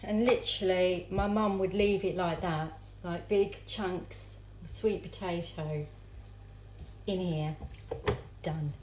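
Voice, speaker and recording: A woman's voice: lowish voice, fairly even intonation, takes it slowly, a little mellow, a little hiss or hum. A woman vlogging as she cooks at home, chatting casually to herself and her viewers while she chops vegetables. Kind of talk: casual cooking vlog. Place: home kitchen. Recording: echoey kitchen with clattering pans.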